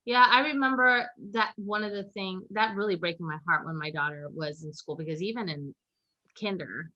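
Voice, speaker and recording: An emphatic woman speaks in a casual group chat about her family. Her voice is fairly low but bright and forceful, and her enthusiasm is steady throughout. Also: moderate pace, dull audio. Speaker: homeschool mom.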